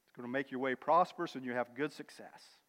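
A man preaching a sermon with emphatic, building declarations and quieter asides, calling listeners brother and sister. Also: medium pitch, quick pace. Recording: long reverb of a large hall.

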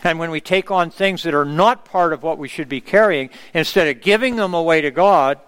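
High, smooth-voiced male preacher. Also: fairly quick, fairly bright tone. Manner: earnest, asks the congregation for amens. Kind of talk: sermon.

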